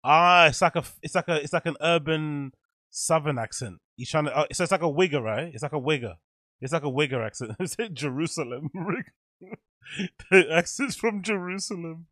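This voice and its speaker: A man's voice: fairly high pitch, brisk, bright, forceful tone, dry recording, studio quality. A man streaming casual reaction commentary, incredulous and laughing often.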